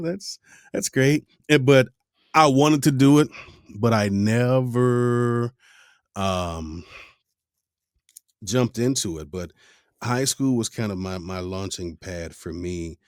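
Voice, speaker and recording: Male podcast host, very low voice, relaxed reflective delivery, dry close mic. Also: dry recording. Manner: laid-back, reflective, with fillers. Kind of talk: casual interview chat.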